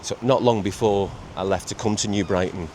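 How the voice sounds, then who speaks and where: A middle-aged man, chatting casually in a walking vlog on a seaside promenade, halting with many repeats and fillers. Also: lowish voice, steady tone, a little mellow. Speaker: vlogger. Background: faint outdoor ambience with traffic and seagulls.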